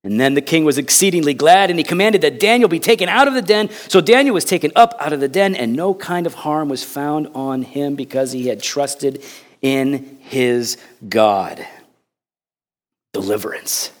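Dramatic preacher man, fairly high voice. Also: animated, moderate pace. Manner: dramatic, swinging between loud and hushed; repeats words when emphatic. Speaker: pastor. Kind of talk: sermon.

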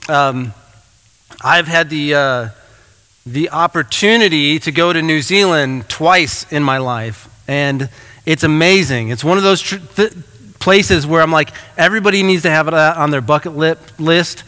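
A man preaches from the pulpit, casual and conversational, his talk full of fillers and restarts. His voice is bright and a little high for a man. The sound carries a long church-hall reverb. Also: measured pace, clear, resonant tone. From United States. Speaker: pastor. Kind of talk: sermon.

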